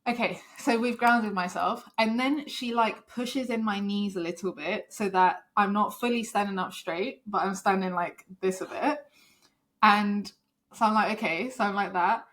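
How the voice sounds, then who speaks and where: Fast-talking young woman, laughing storyteller. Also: mid-range voice, a bit bright. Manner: rambling storyteller, laughs often. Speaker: podcast co-host. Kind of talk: casual chat.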